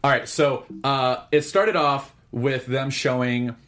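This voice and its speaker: A man hosting a casual chat, retelling footage with animated acted-out quotes. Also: takes it slowly. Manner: animated, acts out quoted lines in a lowered voice. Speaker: podcast host. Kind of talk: casual pop-culture chat, retelling a film scene.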